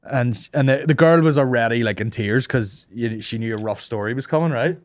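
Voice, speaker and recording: A man's voice: mid-range voice, brisk, no room sound, studio quality. A young man hosting a comedy podcast, telling crude, rambling stories and mocking people in put-on voices. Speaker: podcast host.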